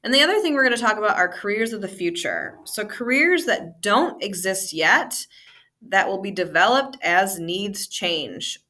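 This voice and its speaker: A woman teacher talks a class through future careers in an easy, encouraging way. Her voice is bright and clear, with casual fillers as she explains. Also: medium pitch, expressive, moderate pace. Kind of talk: classroom lesson.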